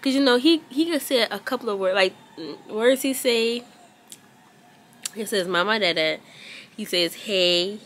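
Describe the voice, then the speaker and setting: A woman's voice: mid-range voice, unhurried, fairly bright tone. A young woman, vlogging casually as a mother, rambling and emotional with many fillers. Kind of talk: casual vlog talk.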